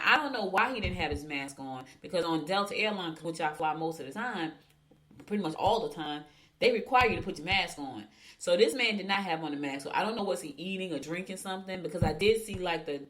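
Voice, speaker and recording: A woman's voice: on the low side, fairly bright tone. A woman hosting a radio show, chatting emphatically through horoscopes and gossipy news stories. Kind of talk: casual radio talk and horoscopes.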